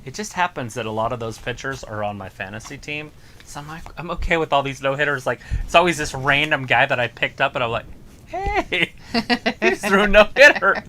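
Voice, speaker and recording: A man co-hosting a live watch-along show, reacting loudly to the action and joking in casual chat. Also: mid-range voice, fast talker, slight background noise. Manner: yells at big moments, jokey.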